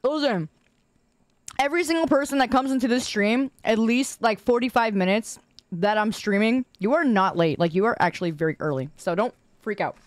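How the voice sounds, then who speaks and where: A woman's voice: on the high side, normal speed, dry recording. A woman game streamer chatting casually with her viewers, goofy and rambling, poking fun at herself and laughing often. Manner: goofy, rambling, self-mocking.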